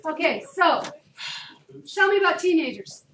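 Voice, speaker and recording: A woman chemistry teacher lecturing a class, chatty and lively, often asking students questions. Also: very high voice, normal speed. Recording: echoey room, distant, noisy.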